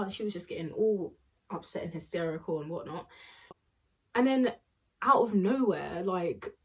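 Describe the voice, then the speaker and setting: A woman's voice: fairly low pitch, expressive, moderate pace, slightly rough. A young woman, telling a rambling storytime vlog full of fillers. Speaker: vlogger.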